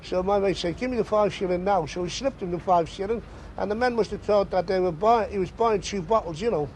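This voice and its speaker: A man tells a funny story in a lively way and puts on the voices of the people in it. His voice sits high, and a faint hum of the street runs behind him. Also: fairly quick, poor audio. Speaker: interviewee. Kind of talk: anecdote telling.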